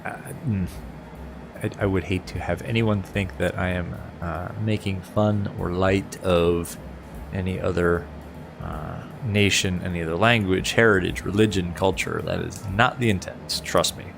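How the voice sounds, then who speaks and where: Guy streaming a flight sim, gravelly low voice, chatty and self-deprecating, faint music behind. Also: fairly even intonation, a little slow. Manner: chatty, self-deprecating, reads chat aloud. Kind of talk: casual live-stream chat.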